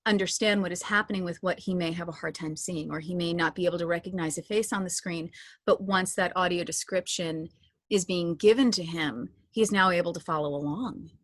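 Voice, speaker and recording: A woman's voice: lowish voice, no echo. Woman in her thirties, audio description narrator, chatty storytelling, dry close recording. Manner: warm, chatty storytelling with many restarts. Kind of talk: casual interview talk.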